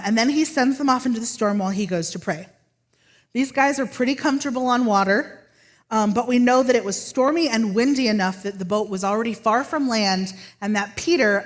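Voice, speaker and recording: A woman pastor preaching a sermon, telling a story in a relaxed way and sometimes dropping her voice to a hush. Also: mid-range voice. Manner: relaxed, with occasional "um" fillers.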